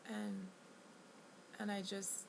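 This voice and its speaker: In this vlog, a woman with a medium-pitched voice rambles through a personal story, her delivery completely flat yet indignant and restless throughout. She halts often, restarting and filling gaps with fillers. The audio is poor, with slight background noise.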